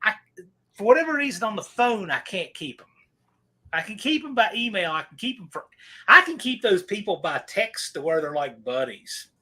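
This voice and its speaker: A man's voice: high-pitched, very animated, normal speed, sharp tone, slightly rough. A man casually telling joking stories about prank-calling scammers on a live chat show. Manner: joking storyteller.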